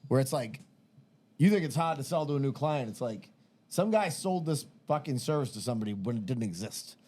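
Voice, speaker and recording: A man's voice: mid-range voice, big pitch swings, brisk, darkish tone. A man hosting a podcast in casual chat, talking loosely and rambling with frequent swearing. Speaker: podcast host.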